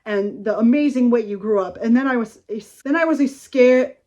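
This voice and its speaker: A brash female athlete stumbles through a love confession, as read by a woman. The voice is high and a little dull, as if from a lo-fi recording. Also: darkish tone, close to an everyday voice. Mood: earnest. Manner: halting, blunt, swears. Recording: dull lo-fi sound.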